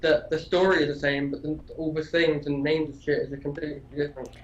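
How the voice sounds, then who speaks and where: A man's voice: fairly high pitch, flat delivery, quick pace, muffled recording. A man co-hosting a gaming podcast in casual chat, rambling with lots of restarts and casual swearing. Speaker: podcast co-host.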